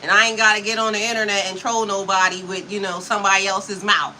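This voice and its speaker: A woman's voice: medium pitch, level tone, quick pace, sharp tone, slight background noise, poor audio. A woman in her fifties, livestreaming to her chat in a sassy, profane way, with frequent laughter, talking into a computer mic. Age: 50s. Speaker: spiritual coach livestreaming to chat.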